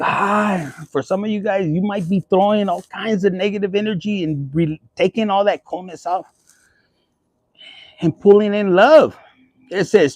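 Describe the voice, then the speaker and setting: A man's voice: sits high, a little mellow, dry recording. A young man doing a casual tarot reading, talking bluntly with lots of swearing and slipping Spanish phrases into his English. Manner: profane, blunt and chatty, mixing in Spanish phrases. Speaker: tarot reader.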